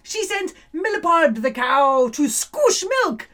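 A woman narrating a children's storybook in a fairly high voice that rises and falls a great deal. She reads very slowly and playfully, and builds suspense with lots of laughter along the way. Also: expressive, fairly bright tone.

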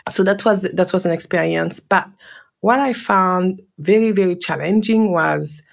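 A woman with a French accent tells her own story in an earnest, reflective way, often repeating words for emphasis. Her voice sits on the low side and has a gravelly, creaky texture. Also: unhurried. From Guadeloupe, French Caribbean. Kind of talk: personal storytelling.

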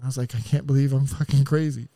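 A man's voice: medium pitch, quick pace, creaky, no room sound. A man, a podcast guest, telling his life story in blunt, profane language and acting out the voices of the people in it. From San Diego area. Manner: blunt, profane, animated retelling with quoted voices. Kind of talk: candid storytelling.

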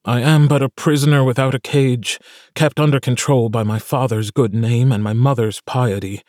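A man's voice: mid-range voice, fairly even intonation, normal speed, darkish tone, no echo, studio quality, natural voice. A man voicing a guarded young nobleman. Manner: formal, guarded speech.

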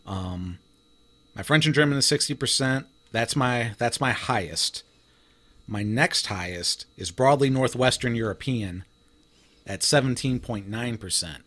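A man hosts a loose chat with friends, talking things over at an easy pace. His voice sits at a middle pitch, and he laughs often while reading out numbers. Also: unhurried, a bit bright. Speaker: host. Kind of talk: casual group chat.

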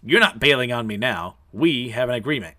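A man's voice: mid-range voice, lively intonation, brisk, sharp tone. A man voicing a brash, broke young man who talks in a pushy, bossy way.

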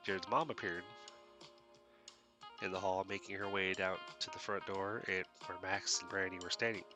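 A man's voice: low-pitched, steady tone, normal speed, over music. A man hosting a podcast and narrating a story aloud in a plain reading manner with small restarts. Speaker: storyteller host.

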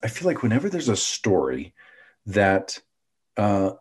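A man's voice: fairly low pitch, wildly swooping pitch, measured pace, husky. Rambling enthusiastic male podcast co-host. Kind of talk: casual chat.

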